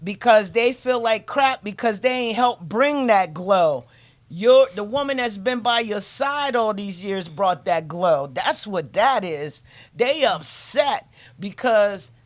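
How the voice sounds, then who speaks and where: A man's voice: sits high, a bit bright. A man, joking in casual chat with emphatic slang.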